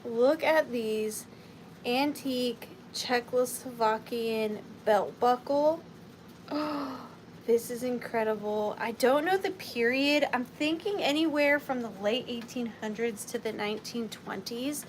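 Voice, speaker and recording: A woman's voice: fairly high pitch, slow pace, a little hiss or hum, low-quality recording. A woman with a Southern US accent hosting a live vintage and antiques sale from home, chatty and gushing, greeting viewers by name.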